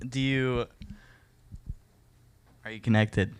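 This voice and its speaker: A man leading a Bible study for a group, reading verses and explaining them in a relaxed, joking way, talking straight to his listeners. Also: medium pitch, slow, clean tone. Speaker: youth Bible study leader. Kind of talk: casual Bible teaching talk.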